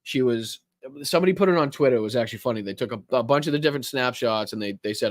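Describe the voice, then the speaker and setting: A man's voice: medium pitch, rapid-fire, dry recording, studio quality. A man hosting a political podcast in casual commentary, profane and incredulous, cutting into clips to react. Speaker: podcast host.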